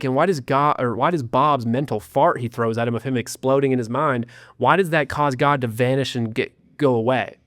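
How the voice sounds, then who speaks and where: A man hosts a podcast, talking at a middle pitch in a loose, irreverent, mocking way. He restarts his sentences often. His voice sounds dry and close to the mic. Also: dry recording. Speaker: podcast host. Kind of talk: casual podcast commentary.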